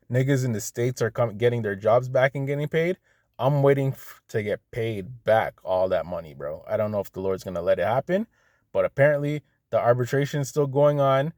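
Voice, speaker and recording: A man's voice: mid-range voice, darkish tone, no room sound, studio quality. A man ranting casually to the camera, blunt and heated, with plenty of profanity. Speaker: vlogger. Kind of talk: casual rant.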